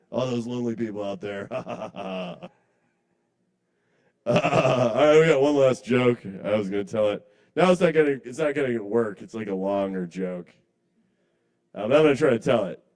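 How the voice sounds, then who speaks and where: A man's voice: medium pitch, animated, normal speed, pauses often, a little mellow. Man, stand-up comedian, rambling, self-deprecating, apologetic, laughs at own jokes, small bar open mic. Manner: chuckles at his own jokes.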